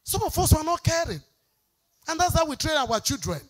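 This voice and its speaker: A woman's voice: sits high, big pitch swings, fairly quick. A woman pastor, preaching an emphatic, exhorting sermon.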